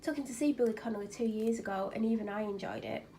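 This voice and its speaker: A woman's voice: mid-range voice, fast talker, mellow, slight background noise. A woman vlogging at home on a clip-on mic, ill and tired, chatting in a rambling, self-mocking way. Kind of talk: casual chat. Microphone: clip-on microphone.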